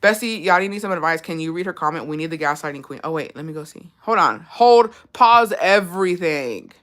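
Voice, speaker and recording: A woman's voice: fairly low pitch, expressive, a little fast, a bit bright. A woman vlogger giving blunt, profane advice in a casual chat, telling a story with lots of swearing.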